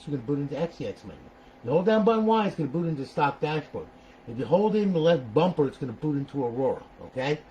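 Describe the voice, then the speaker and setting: A middle-aged man in a relaxed walkthrough, talking a buyer through his console step by step. He keeps checking in after almost every phrase with a quick "okay?" or "all right?", in an easygoing, chatty way. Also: medium pitch, a little hiss or hum, low-quality recording. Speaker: console modder showing a buyer his system. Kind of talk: casual screen walkthrough.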